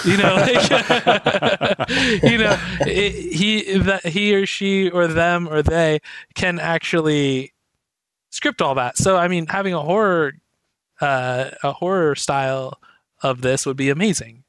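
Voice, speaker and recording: A man chatting on a gaming podcast, telling stories with lots of energy and frequent laughter. His voice sits a little high, and the recording is close and dry, with no room sound. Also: slow, no echo. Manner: animated storyteller, laughs often. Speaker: podcast co-host. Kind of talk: casual chat.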